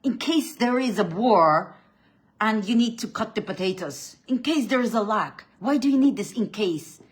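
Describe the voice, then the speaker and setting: Speaking as a spiritual coach, a woman delivers a preachy, blunt faith talk at a moderate pace with lively intonation. Her delivery shifts from loud emphatic bursts to quiet low lines, and she often restarts and repeats words.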